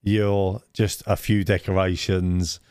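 Low-voiced man telling rambling stories. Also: level tone, slow, darkish tone, clean tone, no echo, studio quality. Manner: rambling storyteller who laughs often. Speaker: podcast co-host. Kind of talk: casual podcast chat.

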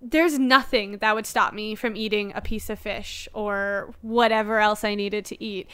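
A young woman co-hosting a casual chat, animated and full of "like" fillers. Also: medium pitch, moderate pace, smooth. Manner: animated, frequent "like", laughs often. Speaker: co-host.

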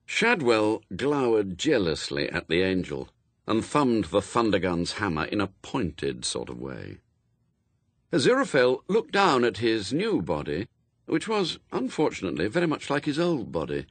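A man narrating a storybook in a wry, expressive reading, close to the mic. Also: fairly low pitch, moderate pace, dry recording. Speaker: audiobook narrator. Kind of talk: scripted narration.

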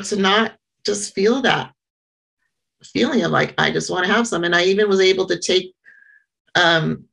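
A middle-aged woman sharing her story at a small meeting, halting and earnest, with frequent pauses and restarts. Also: on the low side, vocal fry, bright, forceful tone, rough recording. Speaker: member sharing at a support meeting. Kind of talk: personal share at a small meeting.

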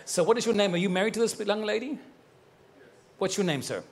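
A man's voice: high voice, expressive, fairly quick, vocal fry, slight background noise. A man preaching live and giving personal prophecies, speaking straight to people in the congregation in a fervent, affectionate way, joking and laughing as he goes. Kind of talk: live prophetic sermon addressing individuals in the congregation.

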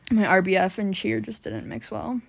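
A woman's voice: mid-range voice, expressive, moderate pace, gravelly. A young woman on a podcast, telling a story casually, full of "like" and swearing. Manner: rambling storytelling with lots of "like" and swearing. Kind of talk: casual chat.

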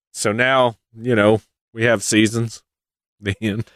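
Animated man retelling myths. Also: fairly low pitch, no room sound, clean studio sound. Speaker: podcast co-host. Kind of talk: casual storytelling chat.

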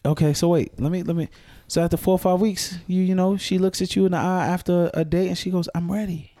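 A man's voice: sits high, flat delivery, fast talker, warm tone. A man in his thirties telling frank, joking stories in casual podcast chat, and asking to be allowed to finish. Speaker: podcast co-host.

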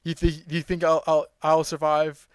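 A man's voice: on the high side, completely flat delivery, normal speed, clean tone, no echo, lightly acted. A man voicing an arrogant, cruel alien tyrant from a cartoon, mocking and gloating.

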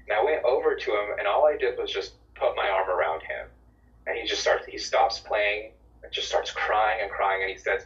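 Low-voiced man, distant lo-fi sound. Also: brisk, a bit bright. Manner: earnest, storytelling, repeats words when starting. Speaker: podcast co-host. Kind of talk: reflective faith talk.

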